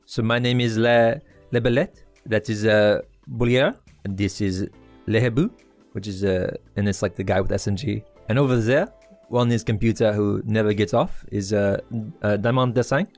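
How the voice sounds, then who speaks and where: A man voicing a brash male French criminal with a deliberately bad put-on French accent and broken, hesitant English. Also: lowish voice, a little mellow, soft background music, lightly acted. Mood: scheming. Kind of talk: tabletop role-play voice.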